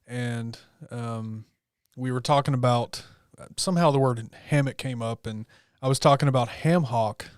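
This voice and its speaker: A man hosting a livestream, chatting in a relaxed, conversational way with his guest. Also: mid-range voice, moderate pace, clear, resonant tone, dry recording. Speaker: livestream host. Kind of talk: casual livestream chat.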